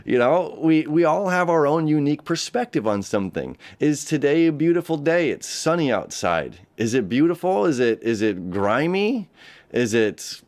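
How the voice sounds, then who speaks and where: A man's voice: fairly high pitch, very animated, moderate pace, darkish tone. A man, hosting a casual astrology talk, rambling and repeating himself, and often laughing. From United States. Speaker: astrology host. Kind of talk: casual spoken horoscope talk. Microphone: camera setup.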